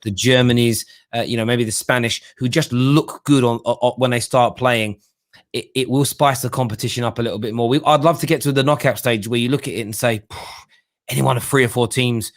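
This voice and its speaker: A man's voice: mid-range voice, steady tone, a little fast, no room sound, studio quality. A man hosting a live football call-in show, chatting and reading out viewer comments. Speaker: host.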